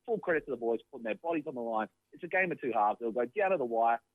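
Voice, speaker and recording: A man's voice: medium pitch, animated, very fast, no room sound, phone-quality sound. A man rattling off sports clichés as a mock field reporter on a comedy radio show. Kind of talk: mock sports-reporter spiel over the phone.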